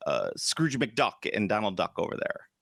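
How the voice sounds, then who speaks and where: A man's voice: on the low side, huge pitch swings, vocal fry, fairly bright tone, no echo, clean studio sound. A man co-hosting a casual podcast chat, rambling and stopping to restart his sentences. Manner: rambling, halting with restarts and fillers. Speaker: podcast co-host.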